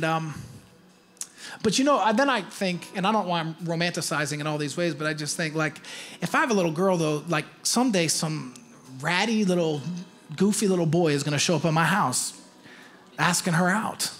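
A man in his thirties, a pastor, preaching a sermon in a church, chatty and animated and rising to shouted exhortation. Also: a little high. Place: church auditorium.

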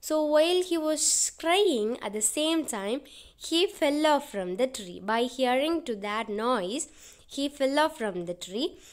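A woman teacher retells a children's story for young pupils. She speaks in a high voice and goes over each point again in simple words. She often links her sentences with "so". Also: lively intonation, slow pace. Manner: simple, repetitive explaining with frequent "so".

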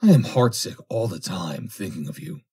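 Man playing a possessive, bitter suitor, husky voice with big swings. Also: lowish voice, very animated, moderate pace, darkish tone, heavily acted. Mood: pleading. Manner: pleading and bitter. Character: jealous, possessive young man, obsessive suitor.

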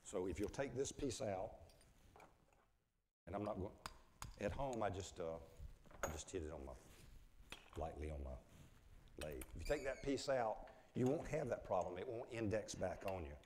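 A man's voice: lowish voice, very animated, normal speed, long pauses, darkish tone. An older man with a northwest Florida accent, giving a live woodturning demonstration in a folksy, step-by-step way. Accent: northwest Florida Southern. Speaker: woodturning instructor. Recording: echoey hall with faint noise.

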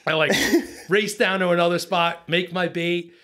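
A man with a slightly high voice tells a fishing story in a casual podcast chat. He is animated and swears freely. He acts out what he and the others said. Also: normal speed. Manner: animated, profane storyteller who acts out his own lines. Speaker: charter boat captain.

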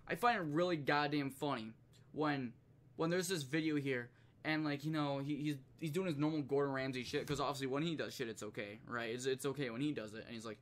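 A man's voice: mid-range voice, fairly quick, a little hiss or hum. Profane ranting male streamer. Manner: profane, animated, laughs often. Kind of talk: casual ranting commentary.

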